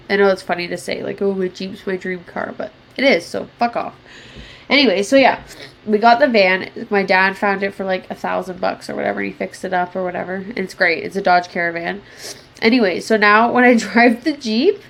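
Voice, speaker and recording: A woman in her twenties hosting a podcast on her own, chatting casually and swearing freely as she pokes fun at herself. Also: medium pitch. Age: 20s. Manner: chatty, frequent swearing, self-mocking. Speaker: podcast host. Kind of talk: casual solo podcast chat.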